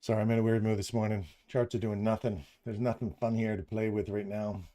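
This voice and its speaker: A man's voice: lowish voice, flat delivery, brisk, dark tone. A middle-aged man hosting a live stream, chatting casually in a jokey, rambling, self-deprecating way. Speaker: livestream host.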